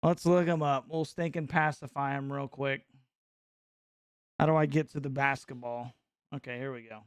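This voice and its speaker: A middle-aged man from North Carolina hosting a casual live reaction stream, joking and mocking his chat with excitable banter. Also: medium pitch, moderate pace, smooth, dry recording.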